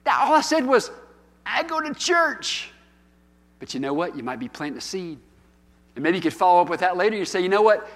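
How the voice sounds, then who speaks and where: A man's voice: sits high, a bit bright. Preaching man in a reverberant hall. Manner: storytelling, conversational preaching with rising emphatic calls. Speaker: pastor. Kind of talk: sermon. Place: church hall.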